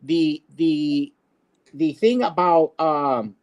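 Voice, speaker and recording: A man's voice: fairly high pitch, animated, very slow, darkish tone. Ranting indignant man on a stream. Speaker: co-host. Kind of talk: casual chat.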